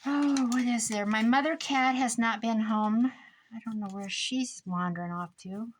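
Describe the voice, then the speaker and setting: An older woman from Iowa chats casually while working on a craft project for her vlog, rambling and trailing off into stories. Her voice is mid-range, and the poor audio carries a little hiss or hum.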